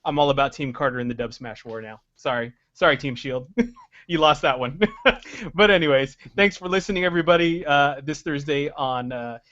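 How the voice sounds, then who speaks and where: A man's voice: a little high, a bit bright, no room sound. A man hosting a casual podcast, enthusiastic and laughing often. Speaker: podcast host. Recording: slightly dull lo-fi audio.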